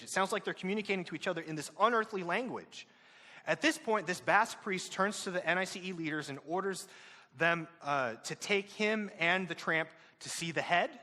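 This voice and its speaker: A man's voice: sits high, sharp tone, long reverb tail. A male teacher retelling a novel's plot to his students, with fillers and questions to the class.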